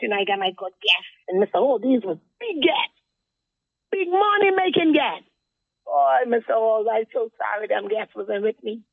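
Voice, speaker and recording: A man's voice: very high voice, creaky, dry recording. Heated Caribbean man on a phone line. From Turks and Caicos Islands. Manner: heated, rambling storytelling. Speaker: caller. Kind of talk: call-in radio complaint.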